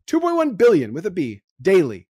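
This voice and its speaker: A man hosting a podcast in casual chat, excitable and quick to laugh as he riffs on ideas. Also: sits high, breathy edge, dry recording, studio quality. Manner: excitable, laughs easily, rapid riffing. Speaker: podcast host.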